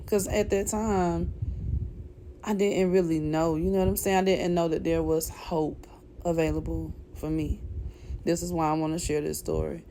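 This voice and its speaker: A woman's voice: on the low side, level tone, moderate pace, warm tone, a little hiss or hum. A woman giving an emotional personal testimony in a candid, chatty way, speaking straight to viewers and speaking openly about her faith. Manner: faith-filled, calls for casting down negative words. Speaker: vlogger sharing a personal testimony.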